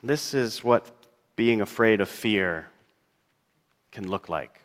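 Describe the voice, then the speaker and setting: Male pastor preaching, slow and musing, mid pitch, big church echo. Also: lively intonation. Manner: reflective, musing, wondering aloud; reads scripture in a slow, measured cadence. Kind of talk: sermon. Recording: long reverb of a church hall.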